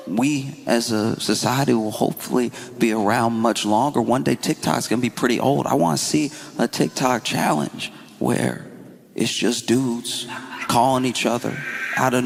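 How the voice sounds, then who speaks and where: A man's voice: medium pitch, steady tone, moderate pace, gravelly. A man performing stand-up comedy, rambling loosely, laughing, and slipping into characters. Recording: live venue, long reverb, audience noise.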